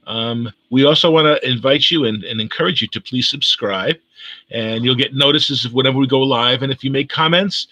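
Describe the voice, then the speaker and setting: A man's voice: medium pitch, sharp tone, dry recording, low-quality recording. A man leading a livestreamed home sermon from his living room, speaking hesitantly with many fillers and repeated words. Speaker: congregation leader. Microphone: camera for live stream.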